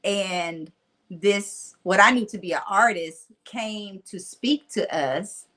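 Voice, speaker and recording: Medium-pitched and slow, this Southern-twanged woman in her forties is a motivational speaker sharing stories in a relaxed interview, full of animation and frequent laughter.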